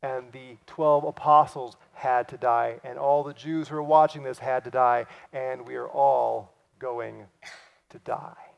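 A man preaching a sermon, acting out quoted lines and swinging from loud cries to hushed, near-whispered passages. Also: mid-range voice, measured pace, vocal fry, few pauses, muffled recording. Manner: acts out quoted lines in lively voices. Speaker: pastor.

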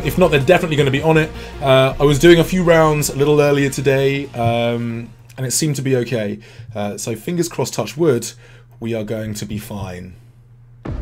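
British man chatting over gameplay. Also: fairly high pitch. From Britain. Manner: chatty, self-deprecating, reads out chat messages. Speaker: game livestream host. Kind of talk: casual gameplay commentary.

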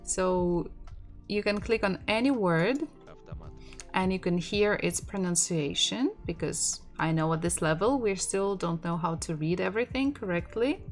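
Slow woman teaching. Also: lowish voice, expressive, soft background music. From Russia. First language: Russian. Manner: slow, repeats each word for learners to echo. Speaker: Russian language teacher. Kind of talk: online language lesson.

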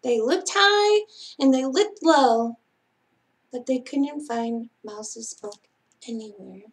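Slow, high-voiced woman reading a bedtime story. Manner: gentle, expressive read-aloud with sound effects. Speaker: children's librarian reading aloud.

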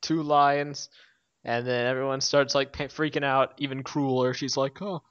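A man's voice: medium pitch, level tone, moderate pace, a bit bright, smooth, no echo. A man recapping a cartoon episode in casual chat, rambling, laughing often and quoting the characters in jokey voices. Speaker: show co-host. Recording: dry, dull lo-fi mic.

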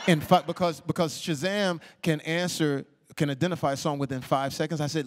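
A man telling stories as a guest on an auditorium stage, animated and laughing, acting out the people he quotes in voices. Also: fairly high pitch, a little fast. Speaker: interview guest. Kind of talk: live stage storytelling. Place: stage in a large auditorium before an audience. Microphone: stage microphone.

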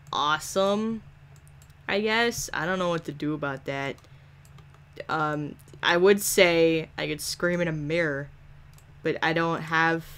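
A woman's voice: on the low side, sharp tone, clean tone. A woman giving casual gameplay commentary, sarcastic and profane, ordering game characters around and muttering asides. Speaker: gaming YouTuber.

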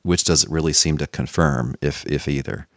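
A man hosting a casual podcast talk about theology, explaining his reasoning in a wry, measured way. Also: a bass voice, vocal fry, dry recording, clean studio sound. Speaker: podcast host.

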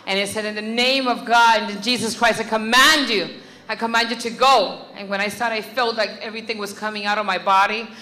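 A woman's voice: medium pitch, steady tone, fairly quick, pushed and bright, low-quality recording. A woman testifying fervently at a church service about feeling set free. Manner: fervent, building to cries. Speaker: church member giving testimony. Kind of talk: spoken testimony.

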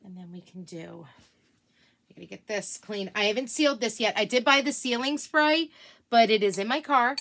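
A woman chatting casually in a craft vlog at home, gushing and excitable as she works. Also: fairly high pitch, creaky, slight background noise. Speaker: craft vlogger.

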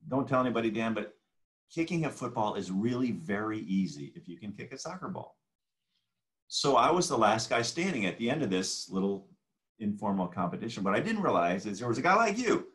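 A man in his sixties, a guest in a casual interview, telling animated stories and acting out the dialogue. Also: mid-range voice. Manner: animated anecdotal storyteller who acts out quoted dialogue.

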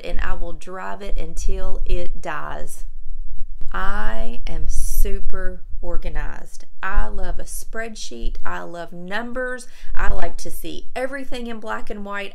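A woman's voice: medium pitch, a bit bright, rough recording. A woman, chatting casually and candidly to her camera. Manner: chatty, friendly and candid, uses y'all. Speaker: vlogger.

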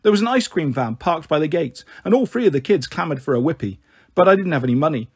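A man reading a children's storybook aloud, expressive and voicing each character. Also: fairly high pitch, quick pace, slightly rough. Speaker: audiobook narrator.

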